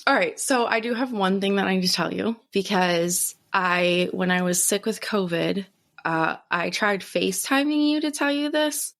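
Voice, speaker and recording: A young adult woman co-hosting a podcast, telling a story in a casual, animated way and swearing freely. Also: medium pitch, moderate pace, gravelly. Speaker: podcast co-host. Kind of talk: casual chat.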